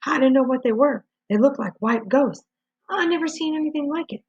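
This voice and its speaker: A woman voicing an excitable middle-aged male hunter who talks in a breathless, jumpy, apologetic way, read from a storybook. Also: sits high, brisk, voice pushed up. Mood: alarmed. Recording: dull lo-fi recording.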